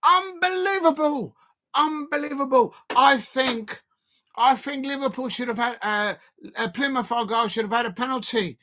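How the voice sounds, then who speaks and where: A man streaming a football watch-along, chatting casually and bursting into excited shouts at the match. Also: very high-pitched, normal speed. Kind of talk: casual live commentary.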